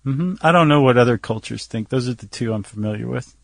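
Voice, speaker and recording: A man's voice: medium pitch, fast, gravelly, no room sound. Wry man co-hosting a podcast. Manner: wry, joking. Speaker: podcast co-host. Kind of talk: casual chat.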